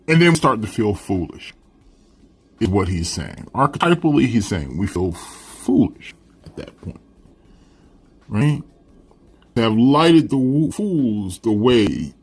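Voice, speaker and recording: A male teacher with a husky, lowish voice delivers a casual literature lecture in class. He thinks aloud conversationally, tacking "right?" onto nearly every point to check in with students.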